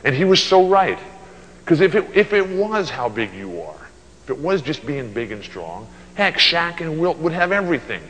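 A man in his sixties giving an animated keynote at a luncheon, telling stories and acting out voices. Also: fairly high pitch, moderate pace, long reverb tail, slight background noise, low-quality recording. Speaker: motivational speaker. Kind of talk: storytelling keynote speech. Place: banquet hall at a luncheon.

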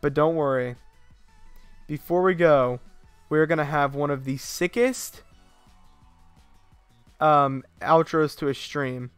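Young male streamer, slightly higher pitch, dry close sound, loose and profane trash talk. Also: slow pace, pauses often, smooth, no room sound, soft background music. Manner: excitable, profane trash-talking at the game. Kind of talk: live gameplay commentary.

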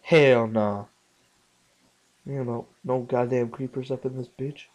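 Slow-talking young man swearing at his game. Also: mid-range voice, fairly even intonation, lo-fi sound. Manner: slow, muttering, swears often, bursts out loud at the game. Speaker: gaming channel host. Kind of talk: casual let's play commentary.

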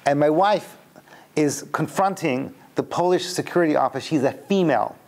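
Animated British rabbi telling stories. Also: male voice, a little high, moderate pace, vocal fry. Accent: British English. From Britain. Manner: animated storyteller, mixes jokes with teaching. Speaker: rabbi and lecturer. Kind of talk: humorous lecture to a live audience.

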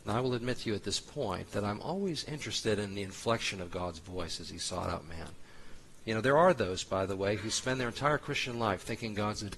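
Husky-voiced male pastor, sermon reading, chatty asides. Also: on the low side, brisk, a bit bright, low-quality recording. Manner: conversational, with asides while reading aloud.

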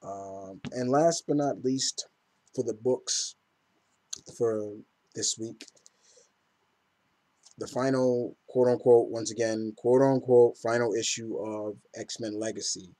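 A man's voice: mid-range voice, steady tone, takes it slowly, pauses often, mellow. A man casually reviewing comic books in a rambling, enthusiastic way with many fillers.

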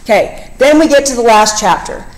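A woman's voice: on the high side, expressive, normal speed, poor audio. Woman reading aloud and summarizing a novel. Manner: reads passages aloud and explains them, with frequent fillers. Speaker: literature discussion host. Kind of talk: casual book discussion with read-aloud passages.

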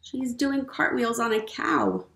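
A woman leading a storytime for young children as a librarian, gentle and encouraging, often asking the kids questions. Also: a little high, slow pace, creaky, a little hiss or hum. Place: public library program room. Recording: roomy room echo.

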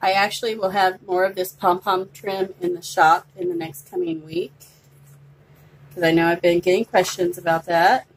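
A woman's voice: lowish voice, flat delivery, normal speed, slight background noise, poor audio. A woman presenting a handmade paper journal in a casual show-and-tell, chatty and gushing, with some fillers. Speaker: craft vlogger.

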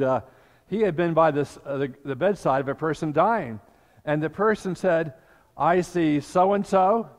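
An older man preaching a sermon as pastor, telling the scripture story and acting out the voices in it. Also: a little high. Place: church sanctuary. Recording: long church reverb.

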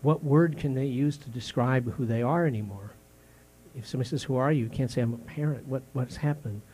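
A male pastor in his fifties preaching a sermon in a conversational, questioning way, full of restarts, softening on grave words and rising when indignant. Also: medium pitch, breathy edge. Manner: drops soft and slow on grave words, rises sharply when indignant.

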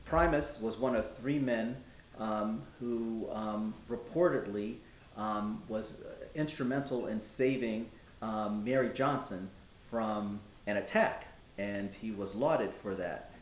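In a historical reenactment, a man speaking in a near-everyday voice plays someone respectfully reporting news of freed neighbors. He lists facts in a measured way, with many pauses and ums, in a roomy recording with a faint low rumble.

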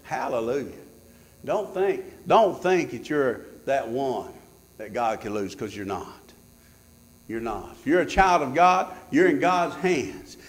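A pastor preaching a sermon in church, swinging between loud high peaks and low, quiet asides. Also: male voice, big pitch swings, a little slow, reverberant.

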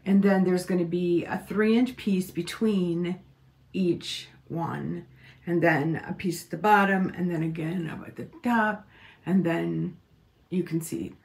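Chatty woman with a low, gravelly voice. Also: steady tone, a little slow, a little mellow. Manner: chatty, meandering, asks viewers for opinions. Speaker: quilting channel host. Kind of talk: casual vlog chat.

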